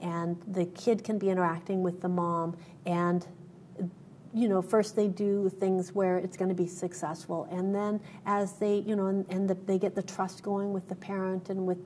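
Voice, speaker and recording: Earnest woman telling a story, halting. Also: medium pitch, level tone, mellow, slight background noise. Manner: earnest, halting with many fillers and restarts. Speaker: interview guest. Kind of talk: candid interview storytelling.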